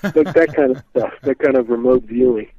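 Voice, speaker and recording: A man's voice: medium pitch, brisk, mellow, dry recording. A man telling stories as a guest in an interview, rambling with many fillers and restarts. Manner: rambling, full of "you know" and restarts. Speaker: guest expert on a historical psychic. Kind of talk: casual storytelling interview answers. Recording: tinny phone line, dry.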